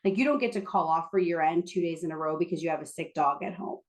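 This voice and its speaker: Animated woman telling a candid story. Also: fairly low pitch. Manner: animated, self-deprecating, quick asides. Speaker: interview guest. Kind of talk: candid storytelling in a podcast interview.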